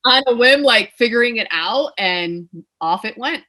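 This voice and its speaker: Podcast guest, woman, clear bright tone, expressive storyteller. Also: fairly high pitch, normal speed. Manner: animated, emotional storytelling with laughs. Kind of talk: casual storytelling chat.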